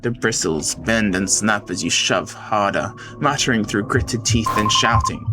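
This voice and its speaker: A man streaming a visual novel, reading it aloud dramatically with excited outbursts. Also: on the low side, measured pace. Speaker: game streamer. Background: game music.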